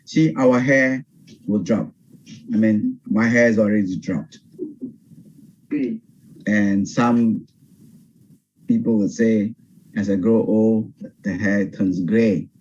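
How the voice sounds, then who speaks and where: Older pastor, dull video-call sound. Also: male voice, lowish voice. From Singapore. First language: Teochew. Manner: animated, pauses and restarts often. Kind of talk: Bible study teaching. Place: home over video call.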